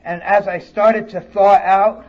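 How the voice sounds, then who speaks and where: Guy with a high voice telling his sobriety story, swears a lot, muffled old tape. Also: steady tone, measured pace. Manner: blunt, profane storytelling. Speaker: conference speaker. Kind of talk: recovery talk, personal story. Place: conference hall.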